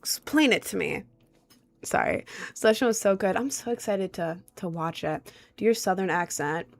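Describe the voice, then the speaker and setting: Young woman streamer, casual and rambling, mid-pitched, answers chat as she goes. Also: moderate pace, gravelly. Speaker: live streamer.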